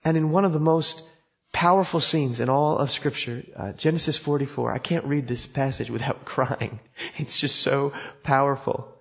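In a gravelly, slightly rough mid-range voice, a pastor delivers a sermon at normal speed, stressing points of a story and questioning the people listening. The reverberant hall leaves the recording sounding dull.

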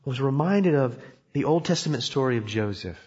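A man's voice: mid-range voice, expressive, moderate pace, a little mellow, husky. A man preaching a sermon, telling a story with emphasis and putting questions to his listeners. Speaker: pastor. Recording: dull sound in a reverberant hall.

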